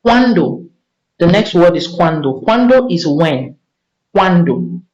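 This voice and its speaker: A woman's voice: on the low side, lively intonation, unhurried, darkish tone. A woman teaching a vocabulary lesson, patiently repeating words for learners. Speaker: Spanish teacher. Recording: echoey room, dull lo-fi sound.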